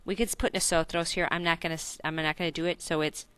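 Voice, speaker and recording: A woman's voice: deep voice, little pitch movement, quick pace, a bit bright, clean tone, no echo. A woman teaching a recorded Spanish grammar lesson in English, explaining step by step, checking in with questions and correcting her own slips.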